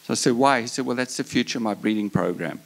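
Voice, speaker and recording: Talking fast in a mid-range voice with vocal fry, this man shares a lengthy personal story during a breeders' panel. His delivery is sincere and impassioned, and he keeps breaking off to start sentences over.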